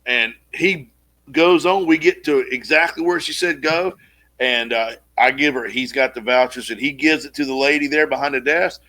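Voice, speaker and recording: A man co-hosting a casual podcast, telling a long story in an animated way and acting out the quotes, with casual swearing. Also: medium pitch, moderate pace. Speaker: podcast co-host.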